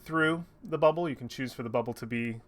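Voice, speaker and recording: A man's voice: medium pitch, fast talker, fairly bright tone. A man running a tabletop game as game master, explaining rules with frequent ums while he checks his notes.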